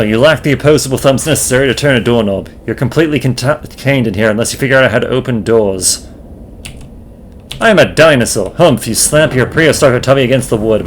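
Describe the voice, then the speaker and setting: A man playing a video game and reading its text aloud, narrating slowly as host. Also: mid-range voice, slight background noise. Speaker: let's play host.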